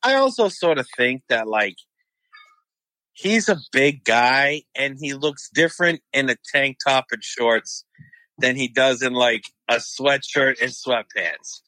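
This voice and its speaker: Bright-voiced man in casual sports chat. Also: mid-range voice, expressive, takes it slowly, no room sound. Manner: loose, joking, trails off into laughs. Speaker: podcast co-host.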